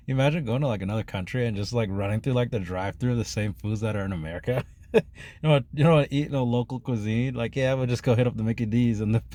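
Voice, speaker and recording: A man's voice: medium pitch, fast, warm tone. A man hosting a commentary channel, reacting wryly to a clip. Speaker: channel host. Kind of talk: video commentary.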